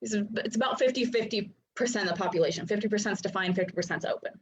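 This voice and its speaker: A woman's voice: medium pitch, rapid-fire, slight background noise. A woman coaching in a casual, chatty teaching talk, full of filler likes and little acted-out voices. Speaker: human design coach. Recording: dull lo-fi recording.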